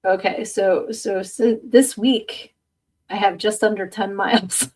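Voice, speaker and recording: A woman's voice: mid-range voice, fairly even intonation, a little slow, darkish tone, recorded from a distance. A middle-aged woman hosting a podcast, chatting casually and rambling, laughing often at herself as she reads viewer comments aloud. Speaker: podcast host.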